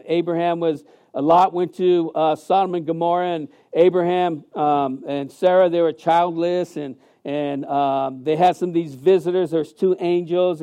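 Animated preaching man, high and mellow. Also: clean tone. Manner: emphatic, animated preaching with many fillers and restarts. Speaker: pastor. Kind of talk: sermon. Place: church sanctuary.

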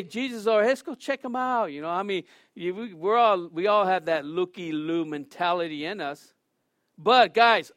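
A middle-aged man preaching a sermon as pastor, telling stories with lively acted-out quotes and laughter. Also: sits high, no room sound, studio quality. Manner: animated storytelling, acts out quotes with shouts and laughs.

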